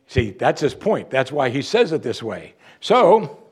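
A man's voice: mid-range voice, sing-song, a little slow, husky. A man, a pastor, preaching an expository sermon in a conversational way and acting out quotes from the text.

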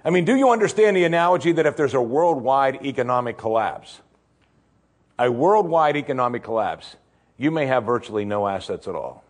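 A male pastor preaching a sermon in an animated way, full of rhetorical questions and acted-out voices. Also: mid-range voice, a little fast.

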